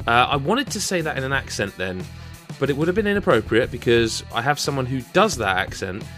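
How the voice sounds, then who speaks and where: A man's voice: mid-range voice, very animated, a little fast, a bit bright, faint music behind. A man hosting a games podcast, chatting casually and joking with his co-hosts. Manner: playful, jokey. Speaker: podcast host. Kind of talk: casual chat.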